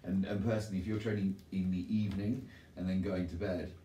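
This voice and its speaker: Mellow, low-voiced man, echoey gym. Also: level tone, a little fast. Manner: earnest, explains his views with restarts. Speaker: podcast co-host. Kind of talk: casual chat. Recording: echoey gym, distant mic, faint noise.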